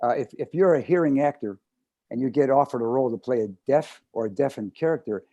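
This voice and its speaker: A man answering a panel question earnestly and deliberately, with some hesitations. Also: mid-range voice, warm tone, dry recording, highs cut off. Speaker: actor panelist.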